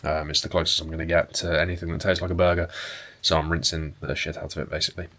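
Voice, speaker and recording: A young man chatting casually to camera in a relaxed, rambling way, with fillers and some swearing. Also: very deep voice, quick pace. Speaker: bodybuilding vlogger and personal trainer. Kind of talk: casual vlog chat to camera. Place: indoors at home and in a parked car.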